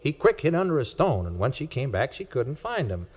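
In a brisk, mid-range voice with a breathy edge, a man narrates a children's tale like a folksy 1940s record, full of rural storytelling and animated character voices. Music plays behind him on what sounds like an old record.

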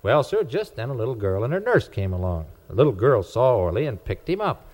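A man's voice: mid-range voice, a little fast. A man, telling a children's story in a folksy 1940s record style. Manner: folksy rural storytelling, lively voices. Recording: old record with music behind.

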